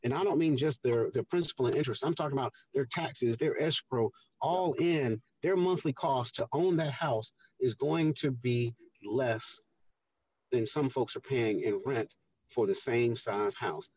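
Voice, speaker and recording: A man speaking as a guest on a radio show, explaining earnestly with many pauses and fillers. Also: mid-range voice, darkish tone, slightly rough, recorded from a distance, lo-fi sound. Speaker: guest, housing redevelopment official. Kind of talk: radio interview talk.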